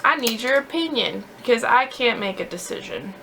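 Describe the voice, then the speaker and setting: A woman's voice: a little high, expressive, moderate pace, fairly bright tone. A young woman chatting casually as a beauty vlogger while she does her makeup, self-deprecating and full of "like".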